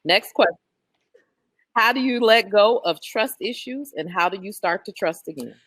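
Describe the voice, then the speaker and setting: A woman's voice: medium pitch, lively intonation, moderate pace, fairly bright tone, no room sound. A woman hosting an interview who chats casually and affirms her guest's answers. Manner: affirming, chatty asides. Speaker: conference host.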